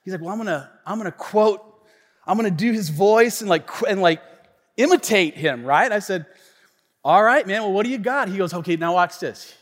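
A man's voice: sits high, brisk. A male pastor telling a story in his sermon, acting out the lines of the people in it, recorded in a church. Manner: animated storytelling, acts out friend's lines. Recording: long reverb of a church hall.

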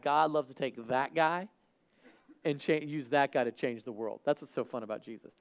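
A man preaching a sermon, who acts out the people in the story and swings from loud and excited to hushed and earnest. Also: fairly high pitch, brisk. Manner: talks to a live congregation, asks them questions. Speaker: pastor.

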